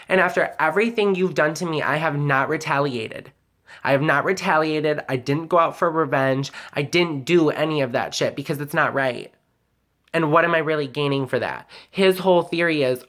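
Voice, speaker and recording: A woman's voice: deep voice, moderate pace, a bit bright. A woman talking straight to camera in a personal vlog, heated and venting, sometimes close to tears. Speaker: vlogger.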